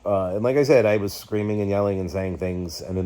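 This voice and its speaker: A middle-aged man hosts his own YouTube vlog, his voice on the low side, brisk and dark in tone. He vents candidly and with agitation in a personal rant, swearing and stumbling over fillers.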